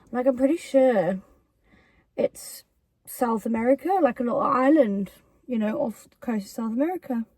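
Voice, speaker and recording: Chatty young woman, high voice. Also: moderate pace, slightly rough, no echo. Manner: animated, quotes friend in put-on voices. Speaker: YouTuber co-host. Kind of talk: casual chat, storytelling.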